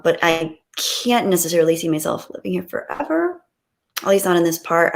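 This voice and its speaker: A woman's voice: fairly low pitch, creaky. A woman chatting casually on a live stream, rambling reflectively with frequent ums.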